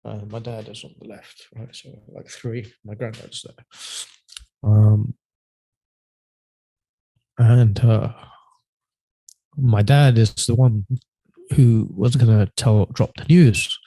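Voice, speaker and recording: A man telling a personal story as a podcast guest, halting and hesitant, often trailing off quietly. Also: on the low side, steady tone, creaky, slightly rough, dry recording.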